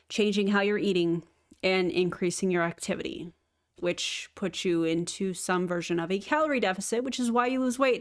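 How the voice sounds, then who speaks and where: A woman hosting a sarcastic reaction commentary, firing quick asides and dry jokes at the clips she plays. She talks in a middle pitch, quickening into bursts when she rebuts a point. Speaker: commentary host.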